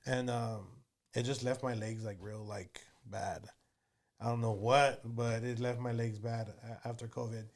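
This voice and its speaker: A man's voice: medium pitch, little pitch movement, moderate pace. Man, 30s, interview guest, casual storytelling, filler-heavy. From Texas. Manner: rambling, many "you know" fillers.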